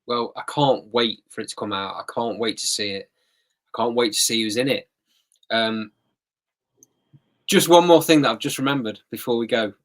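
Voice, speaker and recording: A man from Britain hosts an interview, asking questions in a friendly, courteous manner. He pauses with the odd um. His pitch sits in a middle range. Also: a bit bright. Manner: friendly, polite, hesitant with ums. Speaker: interviewer, host. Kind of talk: conversational interview.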